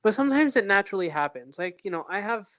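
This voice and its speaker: A man co-hosting a podcast, chatting casually and thoughtfully, pausing often with fillers and restarts. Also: high voice, very animated, a bit bright. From United States. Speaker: podcast co-host. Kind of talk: casual chat.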